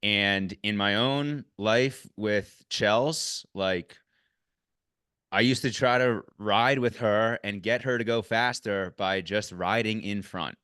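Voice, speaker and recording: Low smooth-voiced man, dry sound. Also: slow, no room sound. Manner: candid, swears freely, animated when retelling. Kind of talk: casual conversational recap.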